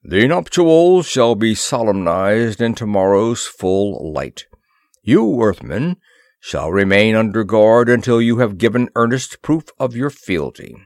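Man reading a commanding moon king, deep and slow, big swings in the voice, dry close sound. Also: big pitch swings, darkish tone, no echo. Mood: imperious. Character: booming imperious male moon king, grim.

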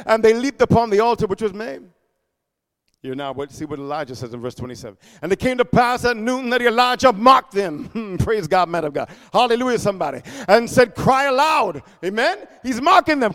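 A man preaching a fervent sermon, reading scripture aloud, swinging between shouts and hushed asides, and calling out for amens. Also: very high voice, expressive, fairly quick.

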